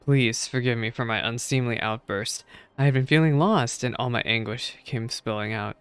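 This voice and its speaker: A man's voice: mid-range voice, normal speed, fairly bright tone, smooth, close to an everyday voice. A man voicing a timid, anxious former merchant in a game, reading in a hesitant, earnest, pleading way. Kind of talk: reading game dialogue aloud.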